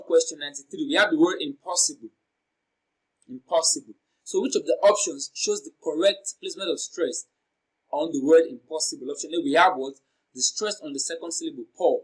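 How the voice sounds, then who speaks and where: A man from Nigeria teaching an exam prep lesson, reading out options and slowly repeating words to show their sounds and stress. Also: fairly high pitch, a bit bright, rough recording. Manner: slow, deliberate, repeats words for pronunciation drills.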